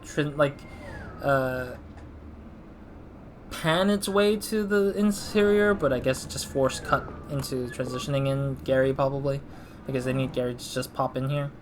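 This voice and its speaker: A man's voice: mid-range voice, normal speed, slight background noise. A man casually commentating a story game playthrough, rambling and thinking aloud. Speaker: gaming channel host.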